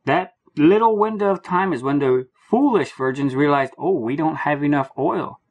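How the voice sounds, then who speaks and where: A man preaches a prophetic Bible teaching in an earnest, emphatic way, leaning on repeated phrases. His voice sits a little high and has a husky grain to it. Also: normal speed, hardly any pauses, narrow, tinny audio.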